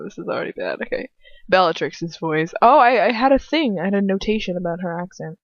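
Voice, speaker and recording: A woman's voice: medium pitch, expressive, fairly quick, no room sound, muffled recording. A teenage girl reading aloud and chatting between passages, giggly, rambling and swearing. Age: teens. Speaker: audiobook reader. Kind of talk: casual chat and reading aloud.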